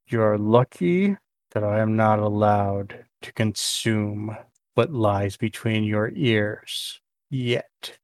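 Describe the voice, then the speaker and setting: A man voicing a male mind flayer captor who speaks slowly and menacingly in broken common. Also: lowish voice, no room sound. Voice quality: slow, halting speech in broken common. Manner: slow, wet, menacing delivery.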